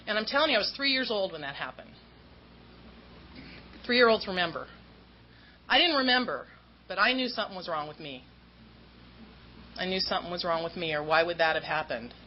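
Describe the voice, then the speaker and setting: In a dull, slightly noisy lo-fi recording, a woman from Southern California shares her recovery as an AA speaker, candidly poking fun at herself and imitating others in her story. She talks fairly quickly with a fairly low pitch, lively intonation, and frequent pauses.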